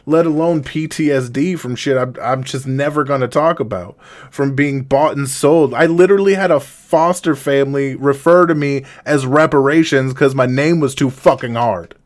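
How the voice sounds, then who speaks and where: A man streaming a raw, confessional monologue, halting and rambling with heavy swearing, emotionally distressed. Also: mid-range voice.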